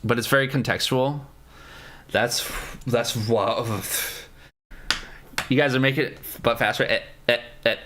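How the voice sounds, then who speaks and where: A man chatting live with his viewers in a loose, rambling way, his sentences full of filler words, restarts and casual swearing. He plays around with foreign words and sounds, testing how they feel in his mouth. His pitch sits in an ordinary middle range for a man. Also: fairly even intonation, measured pace, long pauses, a bit bright, a little hiss or hum. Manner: playful, trying out foreign words. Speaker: livestream host. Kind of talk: casual livestream chat answering viewers.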